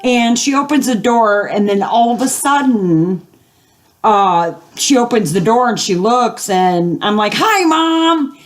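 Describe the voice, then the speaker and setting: At home, a gaming video host, an older woman, rambles casually through a lengthy story full of fillers, imitating the voices of those she quotes. She speaks at a medium pitch and in an unhurried way.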